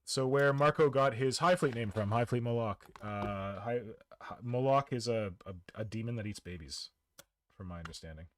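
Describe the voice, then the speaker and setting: A man's voice: medium pitch, moderate pace, slight background noise. A man hosting a hobby stream in casual, joking chat that rambles at times. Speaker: stream host.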